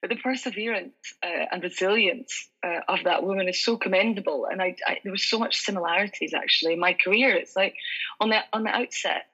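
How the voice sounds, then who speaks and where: A Scottish actress with an Aberdeenshire accent, chatting as an interview guest with lots of fillers and restarts. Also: female voice, medium pitch, brisk, sharp tone, husky, muffled recording. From Scotland. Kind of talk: casual interview chat.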